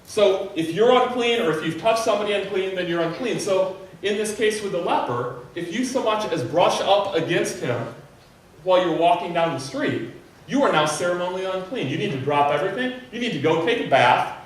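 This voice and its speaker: High-voiced preacher man in an echoey hall. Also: brisk. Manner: animated preaching, acting out a desperate leper's plea. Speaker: pastor. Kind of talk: sermon. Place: church sanctuary. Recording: very echoey hall, mic at a distance.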